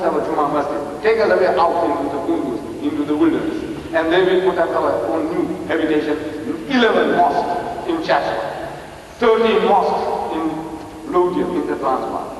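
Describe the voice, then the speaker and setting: A man's voice: fairly high pitch, recorded from a distance, a little hiss or hum. An older man with a South African accent giving an emphatic public lecture, repeating phrases and asking the crowd rhetorical questions. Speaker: Islamic lecturer. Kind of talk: public lecture to a live audience. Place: large hall with live audience. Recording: echoey hall recorded from afar.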